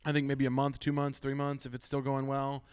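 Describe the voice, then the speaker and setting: Man, podcast host, rapid speech, emphatic and encouraging, mid-pitched voice. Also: completely flat delivery, darkish tone, smooth. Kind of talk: casual podcast chat.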